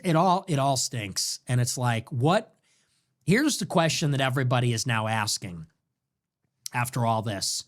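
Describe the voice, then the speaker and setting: Ranting young man, lively pitch swings. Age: young adult. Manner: ranting, repetitive rhetorical questions. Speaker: political show host. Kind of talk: heated political monologue.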